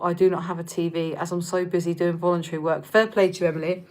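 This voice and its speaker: A woman in her thirties with a southern English accent, talking casually to a livestream audience. She is frank and chatty, swears freely, and drifts off her thread now and then. Her voice sits a little low. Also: steady tone, quick pace, hardly any pauses. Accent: Reading, southern English. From England. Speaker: livestream host. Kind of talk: casual livestream chat reading viewer comments.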